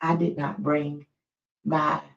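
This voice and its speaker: American woman, stream host, chatty anecdotal storyteller, gravelly, muffled lo-fi audio. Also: low-pitched, slow. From United States. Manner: chatty, digressive, animated storyteller. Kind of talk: casual storytelling on a live stream.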